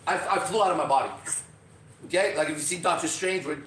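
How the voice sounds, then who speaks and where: A man hosting a podcast, telling a story in a casual, profane and animated way, acting out other people's lines. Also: a little high, fast, a little hiss or hum. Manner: profane, animated, acts out quotes. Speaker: podcast host. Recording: roomy, distant from mic.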